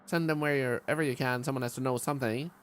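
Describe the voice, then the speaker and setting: A man's voice: mid-range voice, steady tone, fast, a bit bright, a little hiss or hum, lightly acted. A man voicing a flustered, anxious mother searching for her missing daughter, in a game. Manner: flustered, pleading, then indignant.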